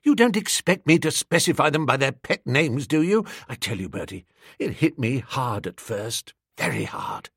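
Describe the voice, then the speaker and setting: A man voicing a dramatic, lovesick young gentleman who gushes and sulks over his beloved, in an audiobook reading. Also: mid-range voice, sing-song, moderate pace, creaky, husky, no echo, studio quality, exaggerated voice. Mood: brooding. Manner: gushing and petulant, sighs over his beloved. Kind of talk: audiobook character voice.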